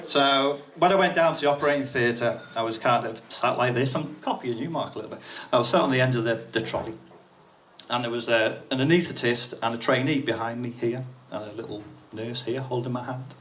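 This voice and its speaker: A man's voice: mid-range voice, fairly quick. A man doing a bawdy stand-up routine at a live comedy night, with an English accent, often slipping into silly voices. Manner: lively, bawdy, mimics people in silly voices. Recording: noisy live room recording.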